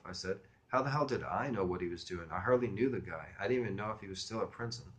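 Low-voiced man reading a novel aloud. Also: expressive, fast talker, few pauses, fairly bright tone. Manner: conversational, wry storytelling. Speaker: reader and teacher. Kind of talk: audiobook narration in first person.

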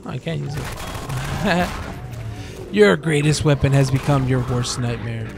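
A man's voice: mid-range voice, measured pace, gravelly. A man giving casual, joking let's play commentary, swearing, laughing and playing mock-scared. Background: game music and gunfire.

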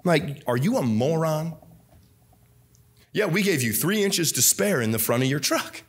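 Young pastor preaching hard, kinda high voice, yells then goes real quiet, repeats himself a lot. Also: male voice, animated, a little slow, husky. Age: young adult. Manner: fervent, repetitive preaching with sudden shouts and drops. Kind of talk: sermon.

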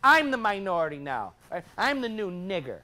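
An actor playing a bitter, foul-mouthed middle-aged police officer in a stage drama, blunt and defiant. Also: male voice, high voice, very animated, moderate pace, sharp tone, exaggerated voice. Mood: angry.

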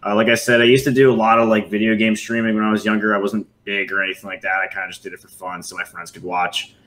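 Low-voiced guy talking quick, kinda nervous and rambly, lots of "you know". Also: level tone, fairly bright tone, rough recording. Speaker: guest glassworker. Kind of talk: casual interview chat.

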